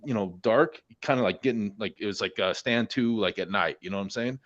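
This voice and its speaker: A man's voice: on the low side, a little fast, lo-fi sound. A man in his forties, a military veteran, telling a war story in a casual, rambling way, swearing heavily and restarting his sentences often. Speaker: Marine veteran guest. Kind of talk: casual storytelling among friends.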